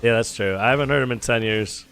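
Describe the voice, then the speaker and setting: An American man streaming a game and chatting casually with his viewers, joking, teasing and firing off quick questions. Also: mid-range voice, fairly bright tone, slight background noise. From United States. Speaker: gaming streamer.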